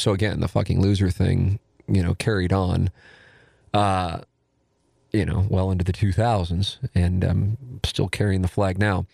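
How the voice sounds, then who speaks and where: Guy in his 40s, kinda low voice, cursing and roasting himself while he rambles thru a story, dry sound. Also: creaky, darkish tone, no room sound. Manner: self-deprecating, profane, rambling with restarts. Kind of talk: casual comic storytelling.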